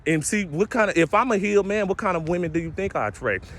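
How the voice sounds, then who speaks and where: A brash young man delivers a preachy rant in blunt street slang, his voice sitting a little high for a man. He talks straight to the camera from inside a vehicle. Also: animated, quick pace. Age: 20s. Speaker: vlogger. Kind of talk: ranting monologue to camera.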